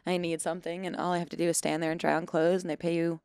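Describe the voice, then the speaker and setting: A woman's voice: on the low side, flat delivery, racing, a little mellow, clean tone, no echo, studio quality. A young adult woman, a podcast guest, chatting casually and playfully, laughing often. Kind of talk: casual chat.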